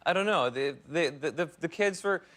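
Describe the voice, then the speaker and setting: A young man, an actor guest, rambling through animated stories with laughter in a casual interview. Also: on the high side, normal speed.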